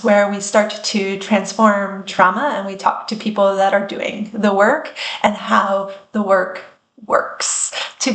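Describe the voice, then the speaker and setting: A woman hosting a wellness podcast, speaking in an earnest, reflective way with measured pauses. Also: medium pitch, a bit bright. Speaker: podcast host and founder. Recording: roomy echo.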